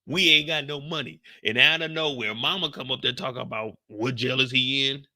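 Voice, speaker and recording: A man hosting a live after-show, talking in a loose, profane, animated way. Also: a little fast. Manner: animated, profane, swings into high exclaiming bursts. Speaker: show recap host.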